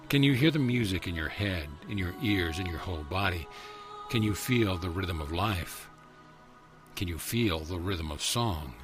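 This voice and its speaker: A man leading a guided meditation as a spiritual teacher, speaking in a slow, measured, soothing cadence and asking repeated gentle questions. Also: fairly low pitch.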